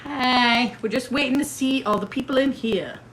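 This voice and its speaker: A woman's voice: high-pitched, moderate pace, a bit bright, a little hiss or hum. A middle-aged woman hosting a casual livestream, chatting playfully and reading out viewer comments while she waits for a guest. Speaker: livestream host.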